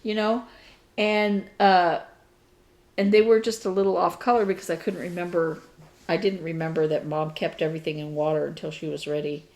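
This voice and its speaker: A woman's voice: on the low side, fairly even intonation, moderate pace, darkish tone, low-quality recording. A middle-aged woman co-hosting a crafting chat, rambling a little and hesitant as she recounts things. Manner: rambling, hesitant, with fillers and laughs. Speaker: crafting podcast co-host. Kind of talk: casual chat.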